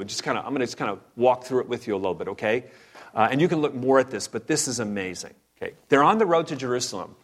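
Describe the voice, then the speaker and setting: A man preaching a sermon, fired up and animated, with joking asides to his congregation. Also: mid-range voice.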